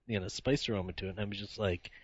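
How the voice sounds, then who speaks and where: A man hosting a casual wine podcast, an animated storyteller who laughs often. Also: lowish voice, very fast, slightly rough, dry recording. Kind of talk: casual chat. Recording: dull lo-fi sound, dry room.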